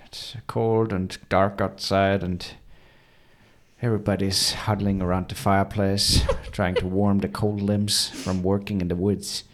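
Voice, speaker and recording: Homem Apresentador brincalhão, conversa descontraída de podcast. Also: male voice, low-pitched, flat delivery, a little slow. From Austria. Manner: playful, goofy sound effects and wordplay. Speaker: podcast host. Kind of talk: casual chat.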